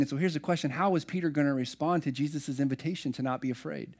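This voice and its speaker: A man's voice: fairly high pitch, fairly even intonation, fast, a little mellow. A middle-aged man preaching a sermon, telling personal stories in a conversational, self-deprecating way. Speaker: pastor.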